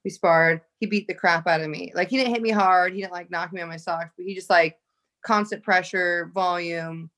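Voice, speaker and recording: A young adult woman, a fighter, telling lively stories in casual chat with many restarts. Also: on the low side, moderate pace. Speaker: fighter guest.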